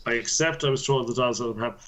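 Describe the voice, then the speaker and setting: A man co-hosting a podcast, telling a story in an animated, profane way and laughing often. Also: mid-range voice, very fast. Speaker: podcast co-host. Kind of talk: casual chat.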